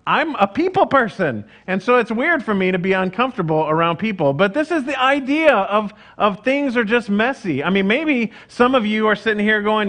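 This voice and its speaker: A man's voice: sits high, lively intonation, brisk, few pauses, fairly bright tone. A middle-aged man, preaching a casual, conversational sermon with frequent fillers and restarts. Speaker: pastor.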